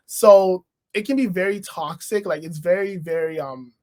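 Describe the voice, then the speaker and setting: A man from Canada, a rapper, talking about his music in a casual interview, thoughtful and animated. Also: high voice, moderate pace. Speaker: rapper guest.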